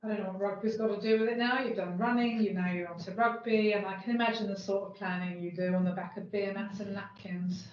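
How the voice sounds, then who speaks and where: A woman's voice: mid-range voice, fairly even intonation, fast talker, hardly any pauses, lightly acted. A woman playing a strict, bureaucratic PMO manager who complains indignantly about missing paperwork, in an amateur workplace role-play over a video call. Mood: mocking. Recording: echoey room, dull lo-fi sound, faint noise.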